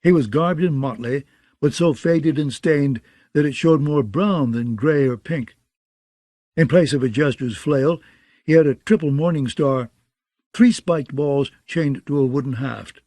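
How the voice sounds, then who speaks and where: A man reading an audiobook in a steady, measured way. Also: on the high side, dry recording, studio quality. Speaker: audiobook narrator. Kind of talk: scripted audiobook narration.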